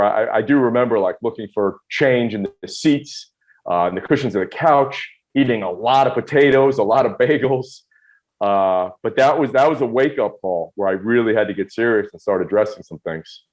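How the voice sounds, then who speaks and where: A man in his forties telling his own story in an interview, quick, emphatic and self-deprecating. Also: fairly low pitch. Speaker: guest.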